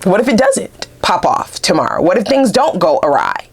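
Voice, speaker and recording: A woman giving a casual tarot reading to her viewers, animated and blunt, swearing freely and laughing often. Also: medium pitch, normal speed, husky. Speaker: tarot reader.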